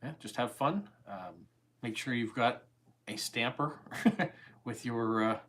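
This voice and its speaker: A man in his forties with a Canadian accent, chatting calmly and easily with viewers during a live stream. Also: mid-range voice, a little hiss or hum. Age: 40s. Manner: calm, easygoing, unhurried. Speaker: YouTube host. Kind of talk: casual livestream chat answering viewer comments.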